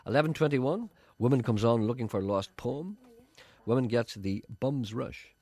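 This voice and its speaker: A man's voice: mid-range voice, moderate pace, a little mellow. A middle-aged man presenting radio, dry and self-mocking as he reads out listener letters. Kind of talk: wry radio chat with comic readings. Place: radio studio.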